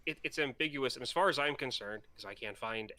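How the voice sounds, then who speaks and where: A man co-hosting a film podcast, speaking haltingly and hedging as he searches for words. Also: medium pitch, pushed and bright, no room sound. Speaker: podcast co-host. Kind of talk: casual chat.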